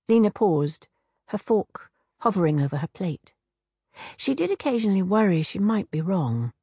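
A woman narrating a children's storybook with expressive reading and many character voices. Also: medium pitch, moderate pace, husky, no echo, studio quality.

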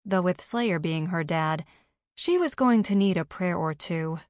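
Low-voiced woman audiobook narrator. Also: lively intonation, a little slow, no room sound, studio quality. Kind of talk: scripted narration.

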